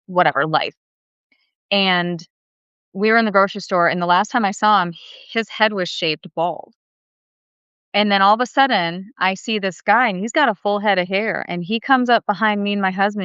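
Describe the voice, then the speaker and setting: Bright, candid woman from Michigan. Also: mid-range voice, clean tone, no echo. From Michigan's Upper Peninsula. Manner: candid, profane, quick to act out quotes. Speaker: live stream co-host. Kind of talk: casual storytelling chat. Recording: slightly dull, lo-fi stream audio.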